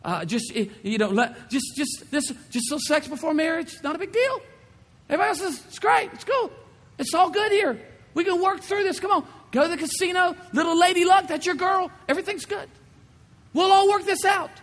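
A man's voice: very high-pitched, lively intonation, a little fast, fairly bright tone, pitched above the performer's own voice. A man voicing a wheedling male tempter spirit who coaxes people to make light of wrongdoing. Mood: coaxing. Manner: coaxing, smooth-talking, making light of sin. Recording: long reverb of a large hall.

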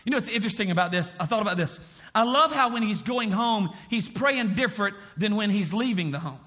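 A man preaching a sermon as pastor, repeating phrases and swinging from quiet to impassioned. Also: high voice, animated, fairly quick.

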